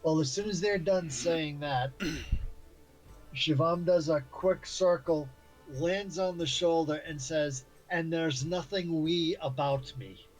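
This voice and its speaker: A man playing a tabletop game, describing his character's actions slowly and groping for words, with faint music behind. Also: a little high, low-quality recording. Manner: slow, searching for words. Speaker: player.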